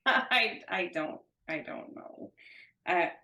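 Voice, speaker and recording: Slow uncertain woman player, echoey room sound. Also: on the low side, animated, bright, forceful tone. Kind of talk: role-playing game chat. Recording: roomy echo.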